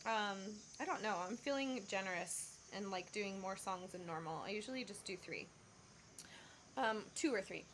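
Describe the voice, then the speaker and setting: A woman's voice: medium pitch, moderate pace, fairly bright tone, a little hiss or hum. A woman singer telling a rambling story on her casual livestream, with many fillers and self-corrections. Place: Bali.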